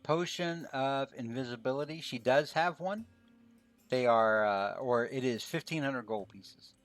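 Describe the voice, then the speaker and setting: A man's voice: mid-range voice, takes it slowly, faint music behind. Easygoing male game master. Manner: relaxed, filler-heavy narration. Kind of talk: narrating a tabletop game.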